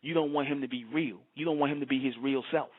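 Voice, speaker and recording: A man's voice: medium pitch, fairly even intonation, fast talker. A man giving a preachy, repetitive lecturing monologue, often stopping to ask if the listener understands. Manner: preachy, repetitive, keeps asking "you understand?". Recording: tinny phone-like line.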